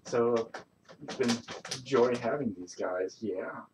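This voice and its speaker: A man softly soothing and coaxing cats, often half-whispering, at home. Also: medium pitch, takes it slowly. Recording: noisy home stream audio.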